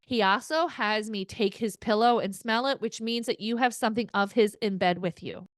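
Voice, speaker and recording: A woman's voice: normal speed, no echo. A woman medium giving a casual spirit reading, chatty and laughing often, swearing now and then. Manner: chatty, laughing often, relays quotes in an excited higher voice.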